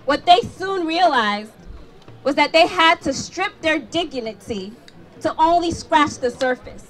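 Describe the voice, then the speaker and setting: A woman's voice: high voice, animated, measured pace, a bit bright, soft background music. A young woman giving an impassioned, rhythmic protest speech at an outdoor rally, calling the crowd to repeat after her. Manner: rhythmic, declamatory, calls for response. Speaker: rally speaker.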